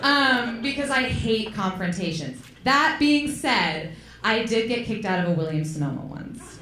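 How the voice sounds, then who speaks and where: A woman's voice: on the high side, expressive, a little slow, fairly bright tone. A woman performing a chatty stand-up comedy set on a club stage, swearing and throwing in um fillers. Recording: echoey club with crowd laughter. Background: laughing audience.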